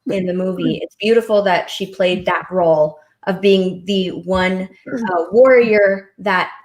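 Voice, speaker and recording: A woman talking casually on a livestream, with a middle-pitched voice. She rambles, trails off and restarts, and grows animated as she makes her point. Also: unhurried. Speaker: co-host. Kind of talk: casual stream chat.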